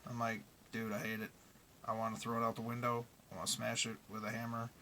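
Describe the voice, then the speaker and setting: A man's voice: medium pitch, completely flat delivery, fast talker, pushed and bright, slight background noise. A middle-aged man who drives trucks, talking casually and bluntly in a vlog and grumbling about his frustrations.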